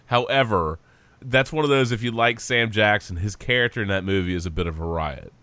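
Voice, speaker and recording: A man's voice: on the low side, brisk, no echo. A man co-hosting a sports podcast in casual chat, joking and laughing often. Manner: laughs often, jokey, lively. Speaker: podcast co-host.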